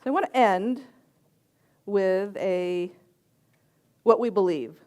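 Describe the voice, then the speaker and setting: A middle-aged woman minister giving a sermon, telling stories softly and acting out the people she quotes. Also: medium pitch. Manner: gentle storytelling with quoted voices and soft pauses.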